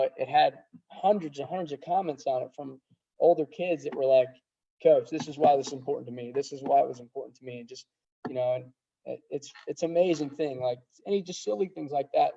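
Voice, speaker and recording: A middle-aged man, a high school wrestling coach, talking earnestly in a casual podcast interview, rambling with many restarts. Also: vocal fry, warm tone. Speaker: head wrestling coach, guest. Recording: dull lo-fi sound.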